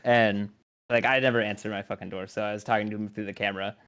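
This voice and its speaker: A man's voice: fairly low pitch, steady tone, fast, fairly bright tone, smooth. A male podcast guest in casual chat, telling a blunt story and laughing often.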